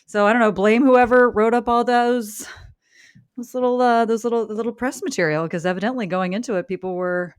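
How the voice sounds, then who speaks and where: A woman from the United States co-hosting a podcast, talking in a rambling, excitable way. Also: fairly high pitch, brisk, smooth, no room sound, clean studio sound. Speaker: podcast co-host. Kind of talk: casual podcast chat.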